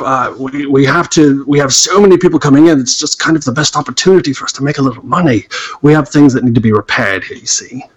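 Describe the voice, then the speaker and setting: A man's voice: a little high, lo-fi sound, pitched above the performer's own voice, close to an everyday voice. An American man voicing a flustered, apologetic museum ticket man in a put-on British accent that slips. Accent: put-on British, slipping. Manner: flustered, over-polite, rambling.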